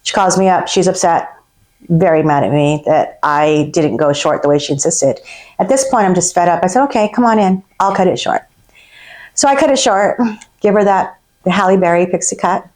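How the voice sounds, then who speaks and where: A woman's voice: on the low side, normal speed, a little mellow. A woman, a hairstylist, telling a story about a difficult client in a candid, exasperated way. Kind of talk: storytelling to camera.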